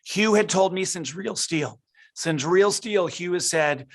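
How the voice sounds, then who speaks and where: A middle-aged man who directs films talks at a normal speed in a somewhat high voice during a video-call interview. He answers eagerly, frequently starting over and repeating words as he thinks.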